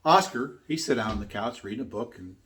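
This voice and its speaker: A man's voice: medium pitch, lively intonation, fairly quick, a bit bright, slight background noise. An older man giving a motivational talk. He tells a story in an earnest, emphatic way and repeats his key points. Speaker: speaker teaching his own method.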